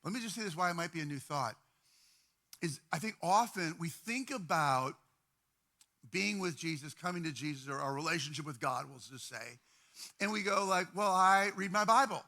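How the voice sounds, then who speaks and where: A man preaching a sermon as pastor, talking in a conversational, animated way with repeated words. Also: a little high, moderate pace.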